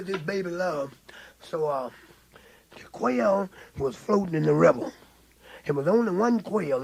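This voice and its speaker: A man's voice: sits high, creaky, poor audio. A man singing and rambling, boasting and laughing at his own jokes on a homemade record. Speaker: amateur singer and joke teller. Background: guitar music.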